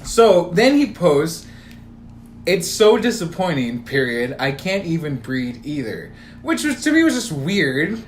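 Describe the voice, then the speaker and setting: A man's voice: on the high side, very animated, measured pace. A young man, a podcast co-host, casually telling a story with lots of swearing and quoted text messages. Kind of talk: casual chat. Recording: roomy echo, faint room noise.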